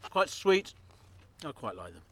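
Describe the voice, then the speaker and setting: A man with a high, lively voice trades playful banter on a comedy podcast. He jokes, swears and riffs freely. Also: measured pace. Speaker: podcast co-host. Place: outdoors in a forest.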